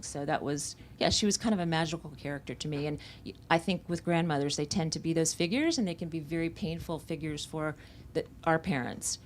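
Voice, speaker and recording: A woman's voice: sits low, a little hiss or hum. A woman from Central Florida, an author at a bookstore event, telling candid, reflective stories about her memoir. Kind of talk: conversational book talk.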